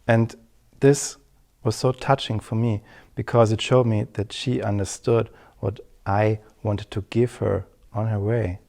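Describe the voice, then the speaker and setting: A middle-aged man gives an earnest lesson on public speaking. His voice sits low, and he speaks very slowly, in measured steps. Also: steady tone, creaky, warm tone. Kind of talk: scripted lesson to camera.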